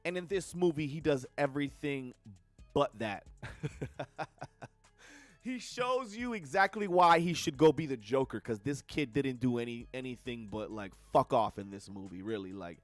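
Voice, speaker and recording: A man's voice: mid-range voice, no room sound. A young man giving a casual, profane film review on a livestream, blunt and full of slangy asides. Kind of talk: casual movie review rant.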